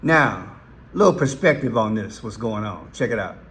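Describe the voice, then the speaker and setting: A man's voice: lowish voice, animated, fairly bright tone, slight background noise. A man hosting a casual political commentary channel, folksy and emphatic. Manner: folksy, emphatic, slow and drawn out. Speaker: YouTube commentary host.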